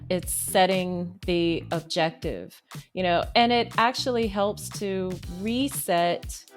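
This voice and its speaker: A woman hosting a podcast, talking through ideas in a measured, reflective way. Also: medium pitch. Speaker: podcast host. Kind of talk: casual interview chat.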